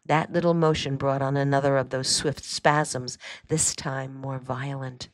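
Low-voiced woman reading a story. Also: fairly even intonation, a little slow, dry recording, studio quality. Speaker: host and reader. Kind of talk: reading a novel aloud.

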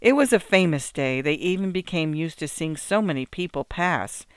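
A man narrating an old-fashioned storybook in a gentle, even, unhurried reading voice. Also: a little high, clean tone, no room sound, studio quality. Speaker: audiobook narrator.

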